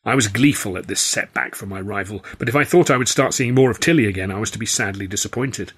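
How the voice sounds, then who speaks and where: Male author reading his own first-person novel, husky, wry. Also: fairly low pitch, quick pace, fairly bright tone. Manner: wry, storytelling. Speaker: author and narrator. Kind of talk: audiobook narration, first person.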